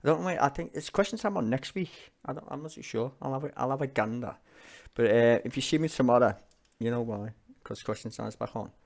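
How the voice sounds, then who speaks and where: This streamer's mid-range voice is creaky and darkish, and his Liverpool accent comes through as he speaks fairly quickly. He rants angrily at parliament, swearing bluntly throughout his commentary.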